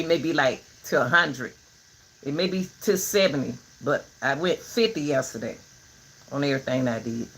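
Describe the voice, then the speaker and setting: An older woman talking casually to her viewers in a vlog, giving folksy, preachy advice in an animated way. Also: low-pitched, a little hiss or hum, poor audio. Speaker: vlogger.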